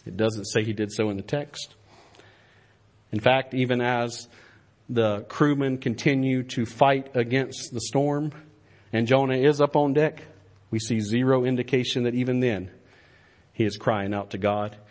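A man's voice: medium pitch, fairly even intonation, a little slow, a little mellow. A man preaching a sermon in an earnest, emphatic manner. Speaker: pastor.

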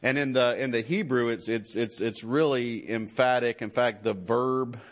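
A man preaching a sermon as pastor of a church, halting with many fillers and restarts, then building to emphatic fervor. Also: mid-range voice, steady tone.

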